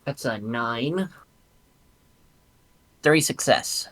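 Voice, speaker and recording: A man's voice: medium pitch, animated, very slow, a bit bright. A man playing in a tabletop game, talking casually and rambling, often correcting himself mid-sentence. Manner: rambling, self-correcting speech. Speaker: player.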